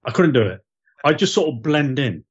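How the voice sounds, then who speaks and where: A man's voice: mid-range voice, very animated, moderate pace, slightly rough. A man from the East Midlands chats on a podcast, telling loose, rambling stories in a friendly tone. His voice sits mid-range. The sound is muffled and lo-fi. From East Midlands, England. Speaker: podcast co-host. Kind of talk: casual chat.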